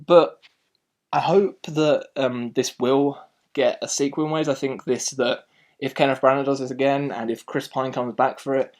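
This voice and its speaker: A man hosting a casual film review chat, talking in a rambling, animated way and often restarting his sentences. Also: medium pitch, moderate pace.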